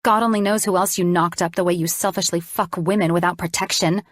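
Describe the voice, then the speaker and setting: A woman reading the lines of a jealous young woman who accuses her lover, sharp and cold. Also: on the low side, fairly even intonation, a little fast, no echo, studio quality, close to an everyday voice. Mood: accusing.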